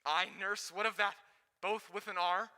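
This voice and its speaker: A woman's voice: medium pitch, steady tone, moderate pace, sharp tone, lightly acted. A woman playing an ardent young male lover in a Shakespeare reading, earnest and courtly. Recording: long reverb on live stream.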